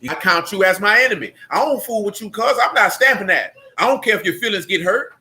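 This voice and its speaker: A man's voice: sits high, expressive, fast talker, noisy background. A man preaching a sermon, emphatic and blunt, with street slang and mocking asides.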